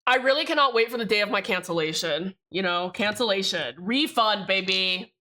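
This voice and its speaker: A young woman livestreams while building a keyboard, chatting loosely and rambling with her viewers, addressing chat directly and swearing freely. Her medium-pitched voice is bright and forceful at a moderate pace.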